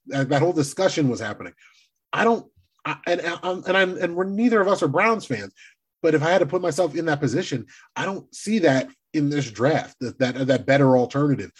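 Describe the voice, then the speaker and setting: Lively, husky-voiced man talking football. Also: a little high, brisk. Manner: teasing, lively, swears casually. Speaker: podcast co-host. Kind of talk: casual sports talk.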